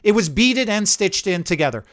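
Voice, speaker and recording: A man who owns a hair salon, telling a lively story in casual chat and acting out the people in it. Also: sits high, moderate pace. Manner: animated anecdote telling, acting out quotes. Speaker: salon owner and stylist.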